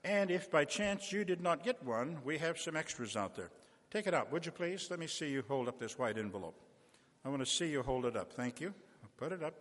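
Briskly and expressively, a guest preacher with a slightly high, fairly bright voice asks a church congregation for money in a folksy way, using small anecdotes and direct appeals; the sanctuary adds a long reverb.

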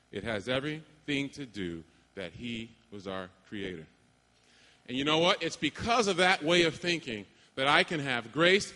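A man preaching a sermon to graduates, emphatic, with dramatic pauses and call-and-response. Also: fairly high pitch, pushed and bright. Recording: long hall reverb.

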